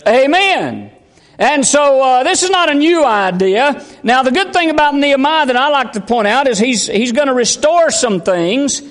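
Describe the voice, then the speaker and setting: A man's voice: very high-pitched, big pitch swings, moderate pace, fairly bright tone. A man, preaching a fervent, folksy sermon as pastor. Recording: long hall reverb.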